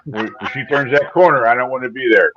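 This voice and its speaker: A man's voice: medium pitch, fast talker, highs cut off, a crowd in the background. A man hosting a live online show, talking in an upbeat, rambling way with restarts. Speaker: podcast host. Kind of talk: casual live-show chat.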